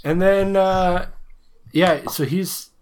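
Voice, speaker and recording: A man's voice: high voice, fairly even intonation, slow, darkish tone, clear, resonant tone. A man co-hosting a podcast, recapping a horror movie in casual chat with a rambling, laughing manner full of crude jokes. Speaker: podcast co-host.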